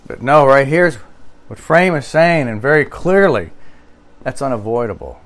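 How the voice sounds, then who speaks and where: A male pastor preaching a sermon, reading scripture and quotes aloud and repeating key phrases with slow emphasis. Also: medium pitch, animated.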